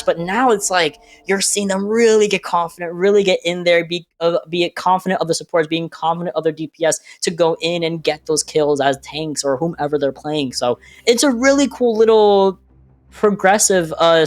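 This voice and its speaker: An excitable esports caster, gushing through live game commentary with faint music behind. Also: medium pitch.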